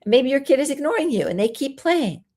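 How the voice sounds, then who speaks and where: A woman parenting coach giving a solo talk, explaining calmly and acting out soothing things a parent might say. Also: sits high, brisk. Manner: gentle, explanatory, acts out soothing parent lines.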